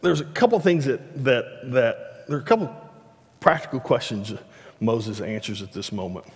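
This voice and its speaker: A man's voice: mid-range voice, normal speed. Male pastor preaching in a reverberant hall. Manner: conversational preaching with repeated restarts, animated rises. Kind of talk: sermon. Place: church sanctuary.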